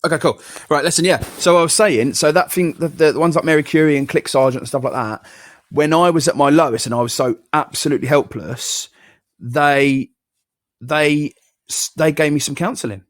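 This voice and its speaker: A man's voice: on the high side, moderate pace. A man, hosting a casual live chat and telling a personal story with quoted voices and swearing. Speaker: podcast host.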